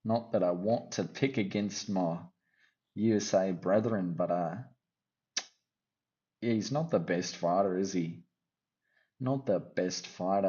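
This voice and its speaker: A man's voice: low-pitched, mellow, dull audio. A man hosting casual fight predictions, rambling and teasing with jokey asides. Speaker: MMA fight-picks host.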